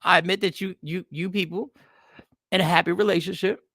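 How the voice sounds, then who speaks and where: A man hosting a podcast, telling rambling stories in a loose, animated comedic monologue. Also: high-pitched, a little fast, dry recording, clean studio sound. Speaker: podcast host.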